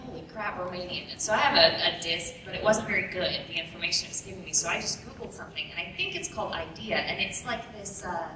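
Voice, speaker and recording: A woman's voice: on the low side, fast talker, few pauses, background noise. Chatty woman on an echoey convention panel. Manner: chatty, rambling, upbeat. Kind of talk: casual panel talk. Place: large convention room. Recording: echoey hall recording from far off. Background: room ambience.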